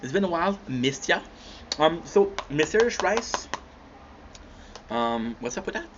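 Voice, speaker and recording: In an unhurried, slightly high voice, a young livestream host chats with his viewers while eating. He's laid-back and talkative and hums and chews between bites. The stream sounds dull and lo-fi, with a faint hum in the background.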